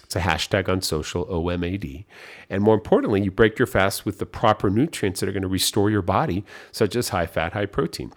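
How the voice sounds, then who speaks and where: A man's voice: sits low, fairly quick. A man hosting a podcast, giving an upbeat motivational coaching talk and repeating his key phrases. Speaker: podcast host.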